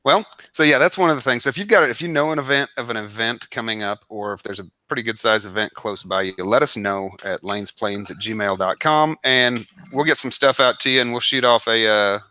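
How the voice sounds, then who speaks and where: A man's voice: mid-range voice, a little fast, hardly any pauses, sharp tone, dry recording. A man co-hosting a casual hobby chat, explaining things in an easygoing, plain way. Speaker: co-host.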